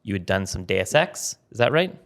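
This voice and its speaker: A man's voice: on the low side, very animated, moderate pace, creaky, a bit bright. A man hosting a podcast, interviewing guests in a casual, joking, self-mocking way. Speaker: podcast host.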